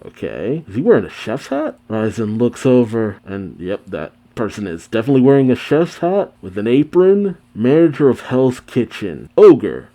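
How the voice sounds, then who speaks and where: A man hosts a manga reaction, reading the story aloud and cutting in with animated, amused comments. His voice is mellow and dark rather than bright. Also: mid-range voice.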